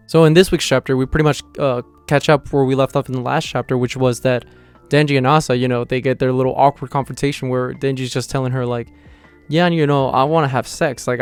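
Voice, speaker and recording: A man as a casual YouTube manga reviewer, mid pitch, animated retelling, filler-heavy. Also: clear, resonant tone. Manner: rambling, lots of "like" and "you know" fillers. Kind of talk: casual chapter review and reaction.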